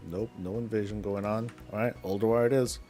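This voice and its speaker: A man with a fairly low voice rambles casually through a live gaming stream and answers chat as he goes. Faint music plays underneath. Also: steady tone, brisk, dark tone. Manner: rambling, answers chat between in-game moves.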